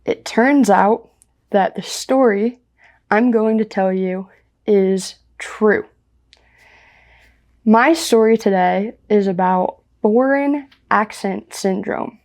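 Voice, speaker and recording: American woman, young adult, English teacher, very slow deliberate pace, clear simple storytelling. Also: medium pitch, a little mellow.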